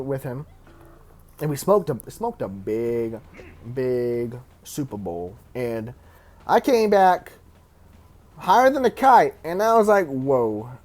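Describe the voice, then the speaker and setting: A man's voice: a little high, very animated, a little slow. Rambling young man telling a story. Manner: rambling, laughing, many restarts and fillers. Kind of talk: casual story time.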